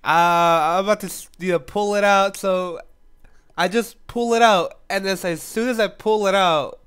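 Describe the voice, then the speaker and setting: A man with a cold talks in a fairly high, smooth and clear voice, his nose stuffed up and a cough breaking through now and then. He tells his story in a loose, rambling way as a casual commentator. He keeps dissolving into giggles between words. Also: measured pace, fairly bright tone. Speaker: YouTube gaming commentator.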